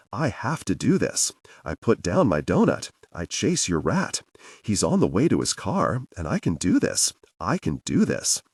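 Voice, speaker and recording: Deep-voiced sardonic male narrator. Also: a little mellow, slightly rough, dry recording, clean studio sound. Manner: sardonic, obsessive inner monologue. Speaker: audiobook narrator. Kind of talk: first-person thriller narration.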